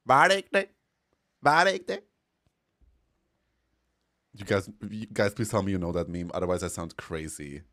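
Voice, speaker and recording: Giggly lively-voiced game streamer man. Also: fairly low pitch. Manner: giggly, chatty, reacting to chat messages. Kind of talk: casual live-stream chat while playing a game.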